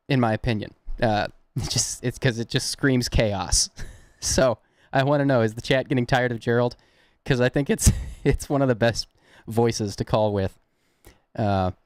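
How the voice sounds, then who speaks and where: A man's voice: medium pitch, darkish tone, no room sound. A young man from the Southern United States with a Southern accent, hosting a prank-call livestream and chatting casually with his viewers in a rambling, chuckling way. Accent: Southern American. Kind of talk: casual live-stream chat.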